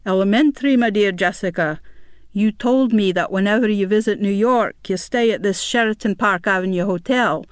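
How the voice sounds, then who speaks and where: A woman's voice: no room sound, studio quality, natural voice. Woman putting on a Scottish inspector. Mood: jovial. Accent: put-on Scottish. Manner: slow, teasing, higher than a man's voice. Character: jovial middle-aged male Scotland Yard inspector. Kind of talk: audiobook character reading.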